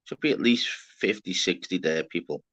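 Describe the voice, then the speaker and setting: A young man with a Liverpool accent, hosting a casual livestream with loud, swearing banter. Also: sits low, expressive, normal speed, lo-fi sound. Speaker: livestream host.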